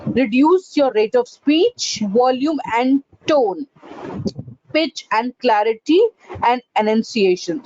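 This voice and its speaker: A woman's voice: sits high, mellow. A woman leading an online pronunciation training session, explaining step by step with frequent "uh, you know" and "right?" checks. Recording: dull lo-fi recording.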